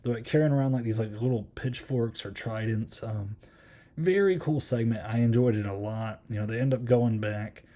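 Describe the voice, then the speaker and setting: A man's voice: mid-range voice, normal speed, mellow. A man hosting a podcast, chatting casually through a horror film review and rambling with many ums and likes. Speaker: podcast host.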